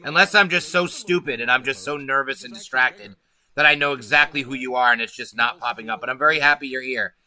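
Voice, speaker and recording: A man's voice: mid-range voice, brisk, bright, forceful tone, low-quality recording. A man hosting a casual livestream, nervous and rambling, swearing as he talks to his chat. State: anxious. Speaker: livestream host.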